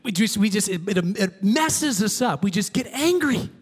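A male pastor preaching an emphatic sermon in a church, with frequent repetition and swings between loud and soft. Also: high-pitched, lively intonation, moderate pace, breathy edge. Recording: long hall reverb.

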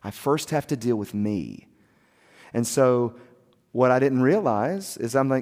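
A soft-spoken man preaching a sermon as a pastor, telling his story in an earnest, confessional way. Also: medium pitch, animated, moderate pace, long pauses. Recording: long hall reverb.

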